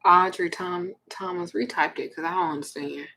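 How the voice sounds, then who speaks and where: A Southern woman chats casually on her livestream and tells a story bluntly, with plenty of cursing. She talks in an animated way, and her voice jumps loud now and then. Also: fairly low pitch, normal speed. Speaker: livestream host reading viewer comments.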